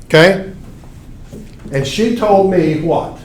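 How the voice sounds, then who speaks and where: A man's voice: sits high, slow pace, recorded from a distance. Man lecturing in an echoey classroom. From Arkansas. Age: 40s. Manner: conversational, asks the class questions. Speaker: college instructor.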